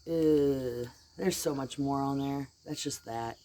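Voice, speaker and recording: A woman's voice: extremely low pitch, slow pace, warm tone. A middle-aged woman with an American accent, venting in a rambling, exasperated way in a casual vlog, blunt and swearing freely. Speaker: vlogger.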